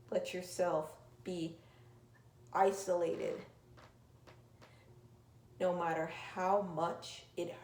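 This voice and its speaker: Woman, earnest pep-talk delivery, loud urging and hushed asides, recorded in a roomy space with faint ambience. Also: medium pitch, a little hiss or hum. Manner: earnest, emphatic, swings from loud urging to soft near-whisper. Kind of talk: motivational monologue.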